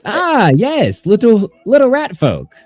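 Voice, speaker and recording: A man voicing a prim, theatrical bird-man ship captain who speaks in a grand, drawn-out, airy manner. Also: very high voice, huge pitch swings, a little mellow, no echo, soft background music, pitched above the performer's own voice, exaggerated voice.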